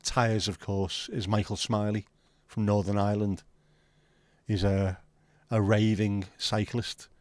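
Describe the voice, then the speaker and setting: A man's voice: fairly low pitch, little pitch movement, a little slow, darkish tone, no echo. A man hosting a livestream, chatting casually with his viewers in banter full of swearing. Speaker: livestream host. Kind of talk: casual chat with live viewers.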